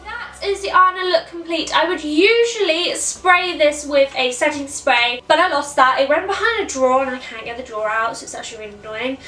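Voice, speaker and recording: A woman's voice: high voice, lively intonation, a little fast, hardly any pauses, sharp tone, echoey room, distant mic, faint music behind. A British woman explaining a costume tutorial step by step in a chatty way. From Britain. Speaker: costume character performer. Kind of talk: tutorial narration.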